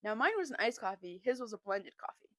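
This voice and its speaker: A young adult woman hosting a podcast, telling a story in a chatty, animated way, laughing often and filling her talk with "like.". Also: mid-range voice, quick pace, no echo. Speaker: podcast host. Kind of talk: casual storytime chat.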